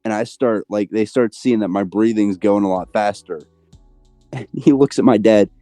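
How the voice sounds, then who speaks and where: A man co-hosting a casual chat, telling a story in a hesitant, deadpan way. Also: fairly low pitch, measured pace, dry recording, faint music behind. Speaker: co-host.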